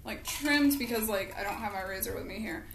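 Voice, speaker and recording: A woman's voice: mid-range voice, animated, brisk, gravelly, a little hiss or hum. A young woman co-hosting a podcast in casual chat, playful and crude, slipping into silly voices. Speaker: podcast co-host. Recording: echoey room.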